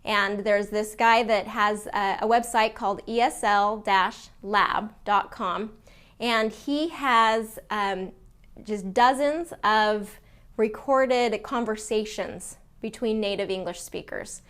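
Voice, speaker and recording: A woman teaching English to learners in a casual video lesson, explaining clearly with some fillers and restarts. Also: medium pitch, slow pace, fairly bright tone.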